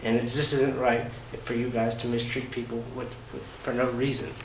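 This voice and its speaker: A man vlogging about his travels, recounting events in a casual, halting way with many fillers and restarts. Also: medium pitch, flat delivery. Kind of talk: casual first-person storytelling. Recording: roomy echo with faint ambient noise.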